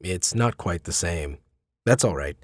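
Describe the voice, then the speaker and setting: A man's voice: expressive, a little slow, no echo. A man voicing a composed young male student who answers in a dry, understated way, in an audiobook. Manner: low-key, dry, understated.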